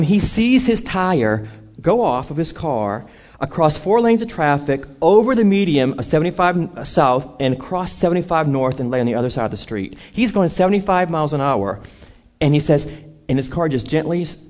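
Animated man preaching with lively pitch. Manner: animated storyteller acting out quoted voices. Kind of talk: sermon storytelling.

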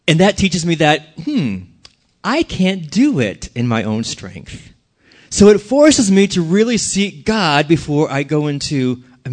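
A man pastoring his church, preaching in an earnest, conversational way and putting questions to the congregation. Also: on the high side. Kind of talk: sermon.

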